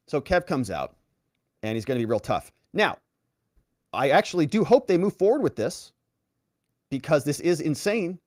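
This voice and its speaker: A man's voice: a little high, very animated, normal speed, pauses often, a little mellow, no room sound, studio quality. A man hosting a political commentary show, reacting to clips with sarcasm and mocking put-on voices.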